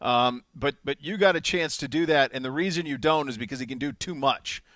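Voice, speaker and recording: A man co-hosting a sports talk show, speaking with emphatic, excitable energy and repeating words for stress. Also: mid-range voice, brisk, dry recording, clean studio sound. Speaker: sports radio co-host.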